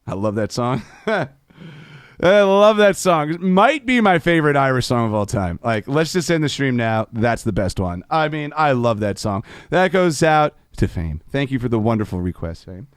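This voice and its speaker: A man's voice: mid-range voice, sing-song, moderate pace, clear, resonant tone, dry recording, clean studio sound. A man from New Jersey, chatting casually and rambling between songs as a live-stream host. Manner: rambling and laid-back, stumbles over words, slangy.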